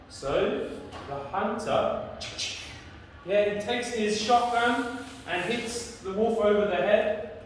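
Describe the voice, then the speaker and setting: A woman teacher telling a children's story slowly, stopping often to quiz the child. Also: medium pitch, noisy background. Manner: slow, lively, quizzing the child often. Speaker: English teacher. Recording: echoey room from far off.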